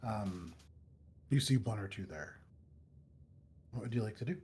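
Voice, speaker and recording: A man's voice: on the low side, expressive, a little slow, a little mellow, slight background noise. A man narrating a tabletop game as dungeon master, describing the scene with frequent ums and uhs. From United States.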